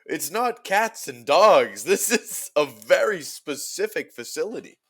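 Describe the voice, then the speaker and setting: A man's voice: fairly high pitch, big pitch swings, unhurried, husky. A man co-hosting a casual podcast, adding dry wisecracks and short agreements. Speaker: podcast co-host. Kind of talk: casual chat.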